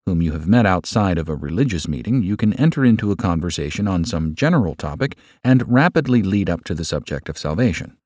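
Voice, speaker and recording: A man narrating a religious book in a measured, earnest reading. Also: sits low, darkish tone, dry recording, clean studio sound. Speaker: audiobook narrator.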